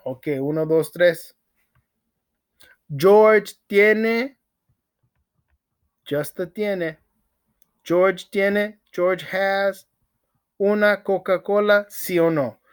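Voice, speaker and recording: A man teaching a language lesson through a simple story, repeating phrases, counting out pauses and breaking into dramatic exclamations. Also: high voice, smooth. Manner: slow, repetitive drilling with counted pauses; dramatic exclamations between asides. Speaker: Spanish teacher.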